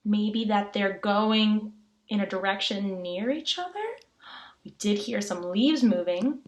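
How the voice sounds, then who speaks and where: A woman teacher recording an online lesson for children, animated and full of gasps and rhetorical questions. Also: mid-range voice, slow.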